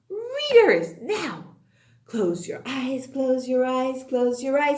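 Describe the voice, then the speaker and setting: A woman teaching young children phonics in a slow, exaggerated sing-song manner, full of praise. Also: high-pitched, big pitch swings, a little mellow. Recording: echoey room.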